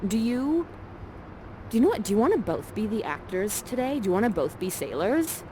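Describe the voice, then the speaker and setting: A woman actor guides a partner through a live virtual interactive theater scene, chatty, playful and encouraging, from a ground-floor rental with the door open in summer heat. Her voice is fairly high, sing-song, warm and a little fast, with a little hiss or hum.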